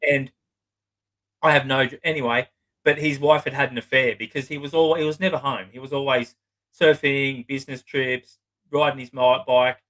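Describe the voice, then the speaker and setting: A man's voice: medium pitch, steady tone, moderate pace, a bit bright, poor audio. A middle-aged man, a psychotherapist, telling client stories in a blunt, swearing, casual way and acting out their lines. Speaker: psychotherapist guest. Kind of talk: casual storytelling interview.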